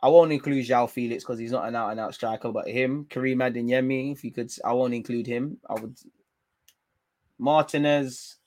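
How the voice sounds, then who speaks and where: A man's voice: mid-range voice, fairly even intonation, moderate pace, darkish tone, no echo. A young man, casually chatting through viewer comments on a football livestream, slangy and trailing into fillers. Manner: laid-back slangy banter, trailing off into fillers.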